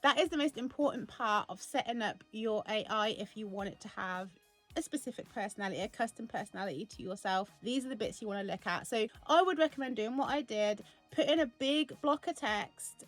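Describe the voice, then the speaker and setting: A woman's voice: a little high, brisk, a bit bright, soft background music. A woman chatting casually as a vlogger, rambling with lots of fillers as she walks through a setup. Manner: chatty, rambling with frequent "like" and laughs. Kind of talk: casual walkthrough chat.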